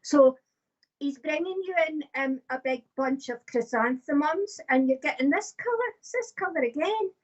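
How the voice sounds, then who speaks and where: A woman's voice: high voice, lively intonation, moderate pace. Woman, psychic medium, chatty and rambling, muffled stream sound. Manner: chatty, laughs often, many fillers. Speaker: psychic medium giving readings. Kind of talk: live online reading, casual chat. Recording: dull lo-fi stream audio.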